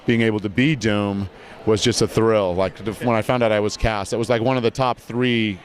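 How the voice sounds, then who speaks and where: A man being interviewed outdoors at a convention, telling lively stories about his voice work. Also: on the low side, normal speed. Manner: lively storyteller, mimics voices in anecdotes. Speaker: voice actor guest. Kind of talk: casual interview chat.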